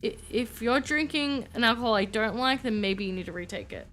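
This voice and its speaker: Excitable, high-voiced woman streamer. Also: fairly quick, soft background music. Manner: excitable, loud and gushing. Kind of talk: casual live-stream chat.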